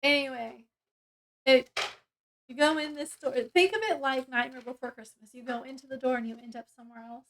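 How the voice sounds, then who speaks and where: A woman's voice: high voice, steady tone, brisk. A woman reviewing a book, casually retelling its plot in a rambling way with many fillers and restarts.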